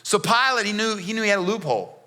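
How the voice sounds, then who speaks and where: A man playing Barabbas, a high-voiced streetwise prisoner. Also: sing-song, quick pace, sharp tone, heavily acted. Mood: confiding. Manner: casual, slangy, confiding asides. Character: Barabbas, rough defiant male prisoner, streetwise adult. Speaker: pastor performing a dramatic monologue. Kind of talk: first-person dramatic storytelling. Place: church.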